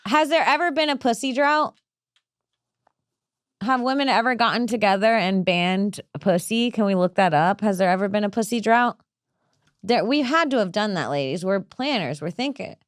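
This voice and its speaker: A woman's voice: mid-range voice, expressive, normal speed, no echo, clean studio sound. A woman comedian hosting a casual podcast, brash and rambling, often laughing at her own jokes.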